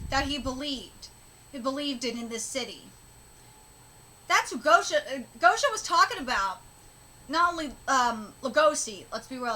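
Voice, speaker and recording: Excitable woman streamer, swears a lot, lively swooping voice, super bright. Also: sits high. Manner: excitable, swears and laughs often. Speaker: manga reaction streamer. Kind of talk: live reaction commentary.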